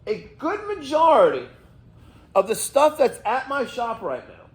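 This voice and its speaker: A man's voice: extremely high pitch, huge pitch swings, unhurried, husky. A middle-aged man, a plumbing contractor telling stories and giving advice in a casual, emphatic, profane vlog rant.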